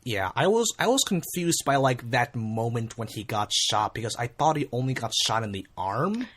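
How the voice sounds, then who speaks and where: A man co-hosting a podcast in casual chat, chatty and quick to agree with short replies. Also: mid-range voice, lively intonation, a bit bright. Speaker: podcast co-host.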